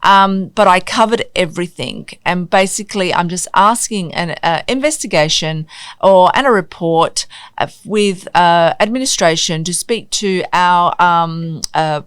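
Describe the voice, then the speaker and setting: Chatty Australian woman with a lowish voice. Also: measured pace, clean tone, no room sound. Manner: chatty, laughs often, searches for words. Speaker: city councillor and podcast co-host. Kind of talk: casual chat.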